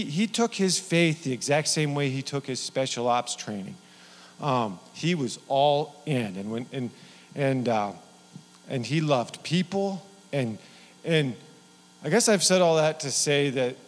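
A middle-aged man delivers a sermon in a loose, folksy manner, stopping and restarting his thoughts. His voice sits at an ordinary pitch for a man. The sound carries a long reverb, as in a big hall. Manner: rambling, folksy, full of restarts. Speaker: pastor.

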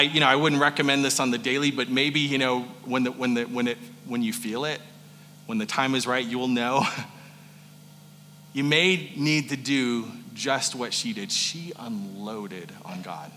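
A male pastor preaching a sermon in a conversational manner, moving from joking asides to hushed earnestness. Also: mid-range voice, long reverb tail, a little hiss or hum.

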